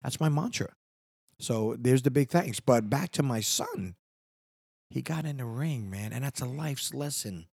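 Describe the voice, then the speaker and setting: A man's voice: medium pitch, lively intonation, measured pace, vocal fry, a little mellow, breathy edge, no echo, studio quality. A middle-aged man hosting his own podcast, talking in a rambling, earnest way with many restarts. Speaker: podcast host. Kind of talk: casual solo podcast monologue. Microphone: studio microphone.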